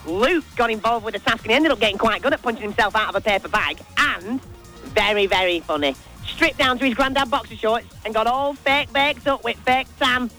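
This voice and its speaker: A man giving a chatty, gossipy roundup of soap news on breakfast radio, in an animated and teasing way. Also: extremely high pitch, brisk, soft background music. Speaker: soap and entertainment news contributor.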